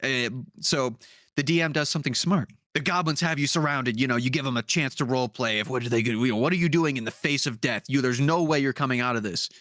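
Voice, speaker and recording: On a clean, dry studio recording, a podcast co-host talks tabletop games in a loose, profane ramble full of filler words. He speaks quickly, with a mid-range voice and a fairly bright tone.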